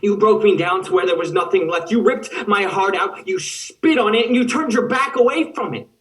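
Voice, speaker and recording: A young man acting out a heartbroken young man who turns on the lover who broke him. His voice is high for a man and anguished, and he sounds set back from the mic on a video call. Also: normal speed, a bit bright, distant mic, rough recording. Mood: bitter. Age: young adult. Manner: bitter, anguished. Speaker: student actor. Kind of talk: dramatic monologue.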